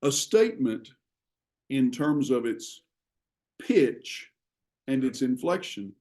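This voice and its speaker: A man teaching a class on writing, explaining ideas in a measured way with frequent pauses. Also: mid-range voice, sing-song, warm tone. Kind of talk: classroom lecture.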